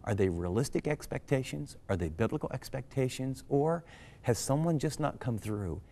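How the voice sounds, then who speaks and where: A man's voice: mid-range voice, lively intonation, moderate pace, dark tone. A middle-aged American man, a pastor, giving an earnest conversational Bible teaching that he explains through questions. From United States.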